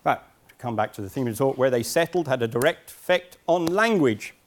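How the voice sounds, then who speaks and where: A man's voice: medium pitch, expressive, brisk. A man from Essex with an English accent giving a university lecture in a lecture hall, chatty with wry asides. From Essex, England.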